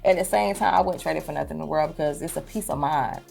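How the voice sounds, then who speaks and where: A woman giving a casual faith testimony as an interview guest, telling her story in an animated, chatty way. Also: deep voice, quick pace, vocal fry, soft background music. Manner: animated storytelling, frequent "you know what I'm saying".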